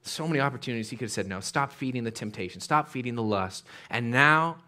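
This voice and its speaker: A man's voice: mid-range voice, lively intonation, quick pace, bright, forceful tone. A man preaching a sermon as a pastor, conversational and casual with slang.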